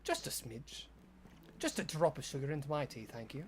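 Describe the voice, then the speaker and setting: A streamer putting on a posh, genteel Briton who dreams of tea, speaking in a lower, softer mock-posh drawl. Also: expressive, slow, a little hiss or hum.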